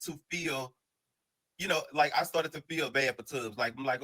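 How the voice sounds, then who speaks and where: A man telling a casual storytime monologue in an animated, slang-heavy, rambling way full of restarts. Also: medium pitch, moderate pace, poor audio.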